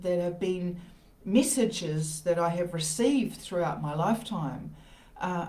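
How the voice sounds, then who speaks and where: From her home conservatory, a woman hosts an informal live self-help talk, rambling with restarts and asides. Her voice is fairly low and warm, with the roomy echo of the conservatory around it.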